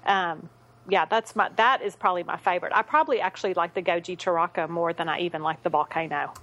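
A woman's voice: on the low side, fairly bright tone, highs cut off. Agreeable woman co-hosting a chatty podcast. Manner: agreeable, quick affirmations, laughs easily. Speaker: podcast co-host. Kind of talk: casual chat.

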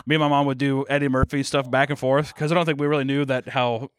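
Animated young podcast co-host man. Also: mid-range voice, clean tone, no room sound. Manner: animated, swearing, quick jokey riffs with put-on quotes. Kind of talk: casual chat.

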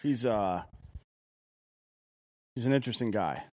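A man chatting casually in an offhand, low-key way. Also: expressive, unhurried, darkish tone, no room sound. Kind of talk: casual chat.

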